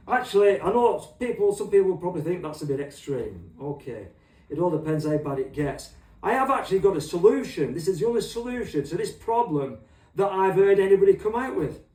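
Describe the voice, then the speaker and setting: High and sing-song, with a dark tone and a brisk delivery, a middle-aged man rants crudely and profanely as the host of a comic monologue, wandering from point to point. He sits well away from the mic in a room full of echo.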